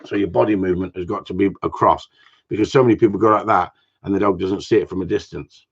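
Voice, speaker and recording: A man's voice: sits low, steady tone, fast, breathy edge. A man from Cornwall, a gundog trainer, giving blunt, jokey advice in a casual live talk. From Cornwall, England. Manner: blunt, jokey, plain-spoken. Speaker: gundog trainer answering viewer questions. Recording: dull lo-fi sound.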